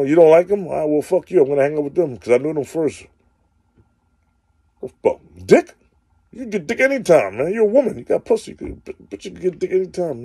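A man's voice: on the high side, warm tone, husky, no echo, clean studio sound. A man hosting his own show, delivering a crude, repetitive comedic rant and ending lines with "man". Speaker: show host. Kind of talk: profane comedic rant monologue.

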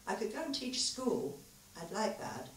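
A woman's voice: medium pitch, sing-song, measured pace, slight background noise, voice pushed up. A woman reading a weary, earnest male physicist. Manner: earnest, quiet, confiding. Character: thoughtful, weary male physicist, gentle lover. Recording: echoey hall, mic far off.

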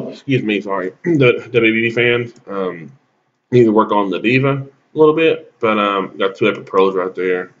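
A man's voice: low-pitched, a bit bright, muffled recording. A man giving rambling, casual commentary on a mobile game, coughing and sneezing with a cold. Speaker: gaming YouTuber.

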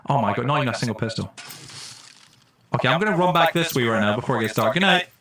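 A young man live-streaming a survival game and chatting loosely with his viewers. His voice sits at an ordinary middle pitch, and he jumps from mumbled asides to loud, startled yelps. He swears freely and sounds close to a desk mic. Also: expressive, fast talker. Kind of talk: casual live-stream commentary.

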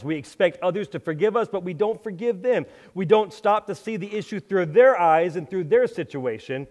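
A middle-aged male pastor preaching a sermon in a conversational, self-deprecating way, with lively asides. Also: high voice. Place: church sanctuary. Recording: long hall reverb.

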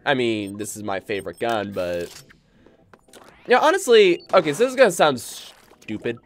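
A man commentating his own gameplay on a live stream, excitable and rambling, easily spooked by the game, with game music behind him. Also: mid-range voice, normal speed. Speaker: gaming streamer.

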